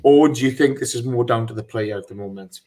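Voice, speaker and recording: A man hosts a casual live podcast in a mid-range voice. He talks in an animated, frustrated way and often stumbles and restarts his sentences. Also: mid-range voice, fast talker. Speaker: podcast host.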